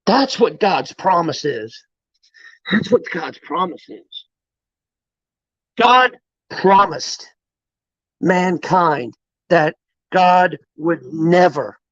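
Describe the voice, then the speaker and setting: A man's voice: on the high side, fairly bright tone, no room sound, highs cut off. A man giving a live-streamed motivational talk, preachy and emphatic, swearing freely. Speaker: motivational livestreamer.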